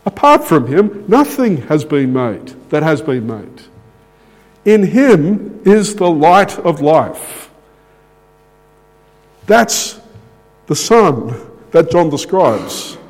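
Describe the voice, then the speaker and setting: A man preaching a sermon in a slow, deliberate way with dramatic pauses. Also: sits high, darkish tone. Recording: long hall reverb.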